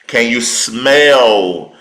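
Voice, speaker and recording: A man preaching a teaching sermon, slow and deliberate, repeating key words for emphasis in informal, colloquial speech. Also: medium pitch, lively intonation, a bit bright, reverberant, poor audio.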